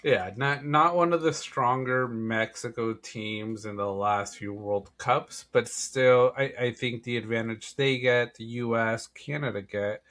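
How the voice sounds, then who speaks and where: A man co-hosts a sports podcast, casually chatting about soccer predictions. His mid-range voice is a little slow and a bit bright, with few pauses, and his easygoing manner features frequent "yeah"s and restarts.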